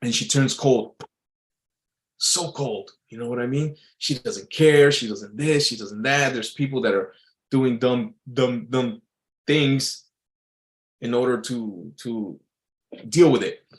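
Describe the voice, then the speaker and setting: A man rambles through a casual monologue, stopping and restarting as he reads out quotes. His voice sits at an ordinary middle pitch. He circles back over the same words before moving on. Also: slow, pauses often, rough recording. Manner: loose, repetitive, with frequent restarts and filler; reads out quotes and muses on them.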